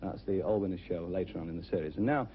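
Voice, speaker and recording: A man's voice: sits low, fast talker, highs cut off, slight background noise. A man hosting a TV talent show, chatty and jokey with fillers, on worn 1970s VHS TV audio.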